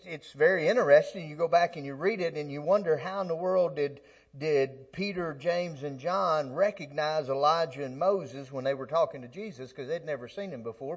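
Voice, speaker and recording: A man preaches in a loose, conversational style, often restarting his phrases before building to forceful peaks. The recording has a slightly dull, lo-fi sound. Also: a little high. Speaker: pastor. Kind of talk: sermon.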